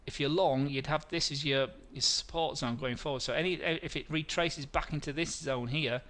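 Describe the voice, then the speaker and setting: A man's voice: a little high, normal speed, a bit bright. A middle-aged man hosting a live trading webinar, walking through charts, answering viewer questions and often correcting himself mid-sentence.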